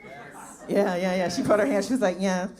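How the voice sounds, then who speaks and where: A woman's voice: mid-range voice, moderate pace, crowd noise. Brash New woman comic. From New York. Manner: brash, profane and conversational, with tag questions. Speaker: stand-up comedian. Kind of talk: stand-up comedy set.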